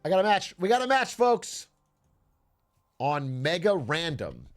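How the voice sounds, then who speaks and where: Faint game music plays as a young man streams a strategy game, his high voice very animated but a little slow. He keeps the chat casual and jokey, swearing, and repeats himself as he talks through his nerves.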